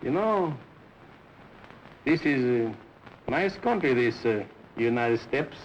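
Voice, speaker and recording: An actor playing a boisterous immigrant gambler, speaking broken English and chuckling often, in 1930s film dialogue. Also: male voice, mid-range voice, lively intonation, takes it slowly, dull audio, a little hiss or hum. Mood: jovial.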